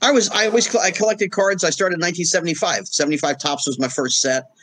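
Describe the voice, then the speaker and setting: A middle-aged man with a husky, slightly raised voice tells stories as a guest in a casual interview. He is animated and acts out the quoted voices in his stories, swinging his pitch up and down as he goes. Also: fast talker.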